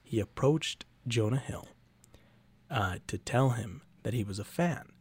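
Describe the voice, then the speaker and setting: A man's voice: mid-range voice, expressive, unhurried, slightly rough. A man co-hosting a podcast in a casual, joking chat, slipping into playful whispers now and then. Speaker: podcast co-host.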